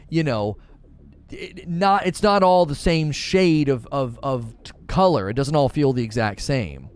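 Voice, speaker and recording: Hosting a live gaming stream, a man reads chat messages and argues his opinions, explaining them through rhetorical questions. His voice is a little high with a darkish tone.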